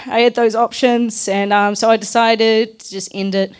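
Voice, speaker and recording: A woman's voice: fairly high pitch, little pitch movement, moderate pace, clear, resonant tone. A young woman, telling her personal story at a community talk in a candid, earnest, loosely chatty way. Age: young adult.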